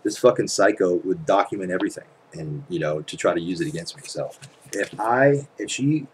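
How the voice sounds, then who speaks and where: A man with a very low voice rants straight to camera, swearing freely and stacking up rhetorical questions. A faint hum sits under his speech. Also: expressive, a little fast, low-quality recording. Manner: profane, emphatic storytelling with rhetorical questions. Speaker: channel host. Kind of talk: casual ranting monologue to camera. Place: at home.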